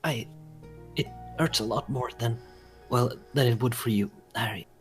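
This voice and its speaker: A man's voice: mid-range voice, faint music behind, close to an everyday voice. A man playing a timid, injured shut-in woman. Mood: pained. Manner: halting, pained, drawn-out. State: in pain.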